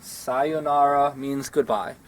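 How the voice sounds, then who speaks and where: A man's voice: mid-range voice, fairly even intonation, slow. A man, a martial arts instructor giving a rambling, self-deprecating outdoor lesson. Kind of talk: casual instructional talk.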